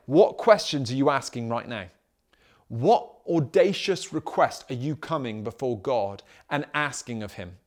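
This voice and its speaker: A man's voice: mid-range voice, expressive, unhurried. A man preaching a sermon as pastor, emphatic and full of rhetorical questions.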